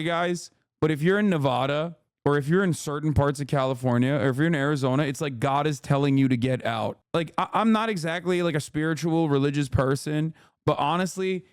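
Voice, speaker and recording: A man's voice: a little high, smooth, no room sound, clean studio sound. A man streaming casual commentary, ranting profanely with mock patriotic bravado.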